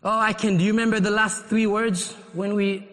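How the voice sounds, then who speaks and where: A man preaching a sermon as pastor in a church, fervent and climbing into shouted pleas. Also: high voice, flat delivery, brisk, big-room sound.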